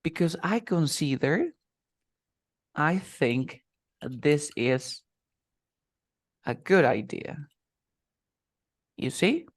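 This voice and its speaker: A man's voice: on the high side, sing-song, very slow, long pauses, dry recording, clean studio sound. A man teaching English one-to-one online, patiently repeating example phrases.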